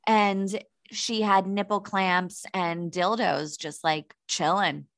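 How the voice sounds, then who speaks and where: A woman co-hosting a casual chat, frank and quick to laugh, reading listener stories. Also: mid-range voice, steady tone, fairly bright tone, no echo, clean studio sound. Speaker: podcast co-host.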